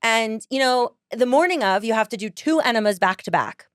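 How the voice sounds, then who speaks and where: A woman podcast host telling a personal story in casual chat, animated, laughing often and acting out other people's lines. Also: a little high, fairly quick, clean tone, no echo, clean studio sound.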